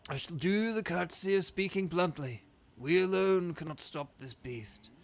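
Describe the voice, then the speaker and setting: A man voicing a pompous old fish king in a video game, speaking in grand, drawn-out phrases with a Trump-like rhythm. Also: high voice. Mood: grave. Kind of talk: voicing game dialogue aloud on a stream.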